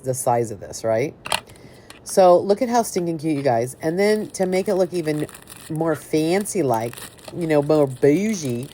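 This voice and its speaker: A woman's voice: low-pitched, mellow, slight background noise. A middle-aged woman hosting a casual craft tutorial, chatty and enthusiastic, talking straight to her viewers as she works. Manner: chatty, enthusiastic, addresses viewers as "you guys". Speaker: craft video host.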